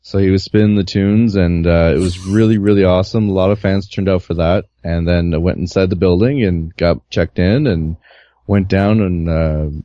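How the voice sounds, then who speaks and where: A man with a low, dark voice talks through his reporting week in a loose, meandering way, full of "uh"s. The audio is muffled and lo-fi, with a dry sound. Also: moderate pace, dry recording. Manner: relaxed, rambling with many fillers. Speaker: guest reporter. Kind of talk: casual podcast recap.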